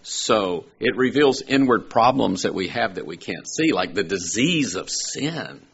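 Gravelly, husky male preacher, lo-fi. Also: lowish voice, expressive, unhurried, a bit bright. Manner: conversational, asks rhetorical questions, rises to emphatic peaks. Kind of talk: sermon.

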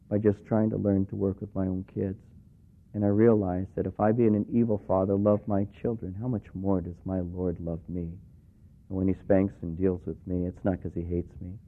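A man's voice: on the low side, creaky. A middle-aged male pastor preaching a sermon in a conversational way, acting out the voices of the people he quotes. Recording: tinny phone-like radio broadcast.

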